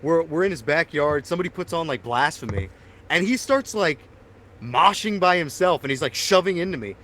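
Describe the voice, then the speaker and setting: A man's voice: a little high, expressive, brisk, fairly bright tone. A man co-hosting a podcast, telling rambling, profane stories and laughing often. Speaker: podcast co-host. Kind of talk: casual chat.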